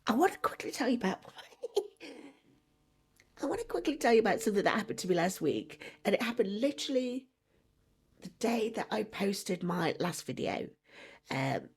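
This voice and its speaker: A woman's voice: medium pitch, very animated, moderate pace, pauses often, breathy edge. A woman talking casually to camera in a vlog, chatty and digressive, often breaking into laughter. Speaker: vlogger.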